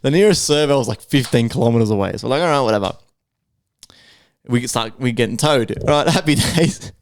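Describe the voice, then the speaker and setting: A man's voice: medium pitch, animated, a little fast, no echo. A man with an Australian accent, casually telling a long, profane story on a podcast and acting out what people said. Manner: profane, rambling anecdote full of acted-out quotes. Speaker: podcast co-host.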